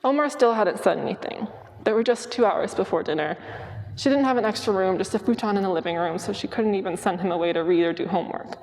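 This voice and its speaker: A woman reading a passage from a novel aloud at a book festival, in a measured, even storytelling manner. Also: medium pitch. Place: museum gallery. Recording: long hall reverb.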